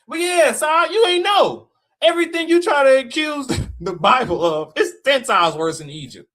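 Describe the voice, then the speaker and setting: A man's voice: extremely high pitch, big pitch swings, normal speed, fairly bright tone. A man in a heated livestream rant, mocking and challenging, repeating his dares. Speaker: live stream guest debater. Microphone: live stream call mic.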